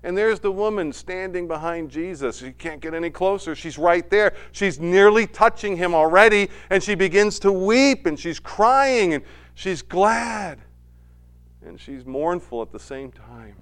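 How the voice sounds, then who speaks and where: Smooth-voiced male pastor preaching. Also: sits high, lively intonation, measured pace, a bit bright. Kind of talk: sermon.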